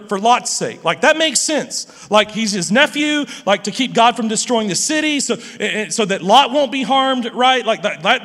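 A man preaching a sermon as pastor, lively and animated, often stammering and restarting his phrases. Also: high-pitched, long reverb tail.

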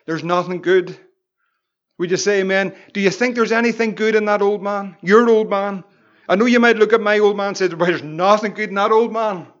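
A Northern Irish man, a pastor, preaching a Bible study with fervent exclamations and slow, emphatic repetitions. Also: high voice, muffled recording.

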